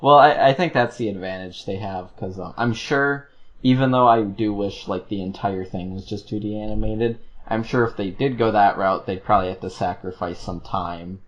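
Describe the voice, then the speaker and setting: A man's voice: fairly low pitch, normal speed, muffled recording. A man co-hosting a podcast, chatting casually about films with many fillers and restarts. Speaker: podcast co-host. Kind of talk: casual film review chat.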